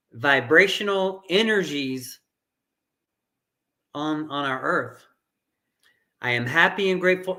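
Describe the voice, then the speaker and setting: A man's voice: a little high, sharp tone. A middle-aged man giving an earnest motivational fitness talk as a coach, repeating phrases for emphasis.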